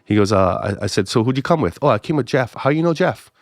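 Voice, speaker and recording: Animated pastor telling a story. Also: male voice, quick pace, no room sound, clean studio sound. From Hawaii. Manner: animated storyteller, acts out both sides of dialogue with pitch jumps. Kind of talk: casual storytelling podcast interview.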